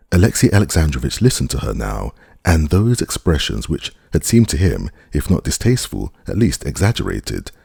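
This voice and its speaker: A man reading a classic novel aloud as an audiobook narrator, with measured, expressive delivery. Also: extremely low pitch, creaky, breathy edge, dry recording, clean studio sound. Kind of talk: scripted narration.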